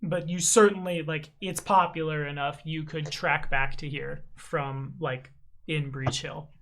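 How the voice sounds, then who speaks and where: A man's voice: fairly high pitch, steady tone, fairly bright tone. A man running a tabletop game as game master, narrating in a casual, chatty way. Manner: casual, chatty, slows down for tricky words.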